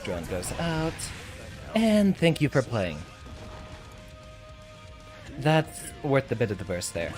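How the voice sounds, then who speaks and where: A man's voice: mid-range voice, wildly swooping pitch, slow pace, pauses often, music in the background. A man streaming a fighting game, chatting and thinking aloud as he plays, now and then laughing. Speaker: VTuber streamer. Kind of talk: live gameplay commentary.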